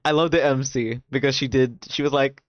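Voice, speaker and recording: A brisk, excitable man recaps a drama on his stream in casual chat, cursing freely and leaning on "like" as filler. His pitch is ordinary and mid-range. There's no room sound, and the dry, slightly dull audio resembles a modest home setup.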